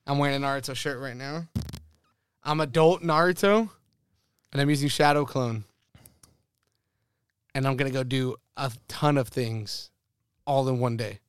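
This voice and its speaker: A man's voice: mid-range voice, moderate pace, pauses often, smooth, dry recording. A young man co-hosting a podcast, chatting casually and upbeat, leading the questions. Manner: upbeat, laughs easily, leads the questions. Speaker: podcast co-host. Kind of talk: casual chat.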